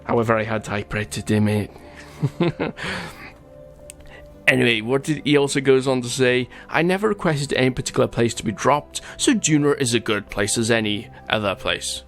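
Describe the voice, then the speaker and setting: A man of middle pitch talks casually through his gameplay and reads out viewer comments. He stumbles over tricky names and laughs at himself as he goes. Soft music plays faintly behind him. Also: normal speed. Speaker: gaming channel host.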